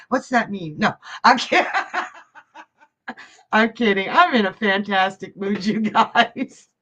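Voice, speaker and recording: A woman's voice: mid-range voice, expressive, slow, a bit bright, lo-fi sound. A woman hosting a live psychic stream, chatting bubbly with viewers and laughing often. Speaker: psychic hostess. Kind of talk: live-stream chat reading viewer comments.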